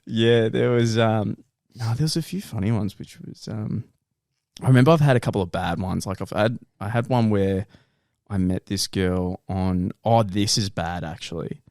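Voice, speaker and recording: A man's voice: on the low side, moderate pace, darkish tone, no echo, clean studio sound. A young Australian man co-hosting a casual podcast, telling rambling dating anecdotes with plenty of laughter and restarts. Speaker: podcast co-host. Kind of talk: casual chat, storytelling.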